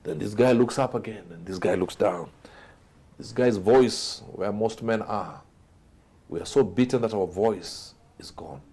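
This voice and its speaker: Husky man telling a dramatic story. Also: on the low side, a little slow. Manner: dramatic storyteller, voice swings from loud to hushed. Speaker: guest speaker. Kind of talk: motivational storytelling.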